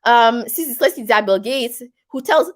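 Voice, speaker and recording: Chatty Québécois woman, slightly high voice. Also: lively intonation, moderate pace. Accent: Québécois French. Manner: chatty, rambling, with many fillers. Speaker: live stream host reading viewer comments. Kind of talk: casual live stream chat.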